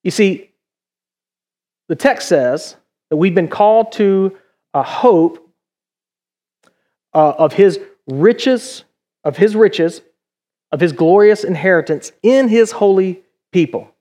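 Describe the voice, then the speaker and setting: A man's voice: sits high, lively intonation, slow, pauses often, warm tone. A middle-aged male pastor preaching a conversational sermon in a church, full of rhetorical questions.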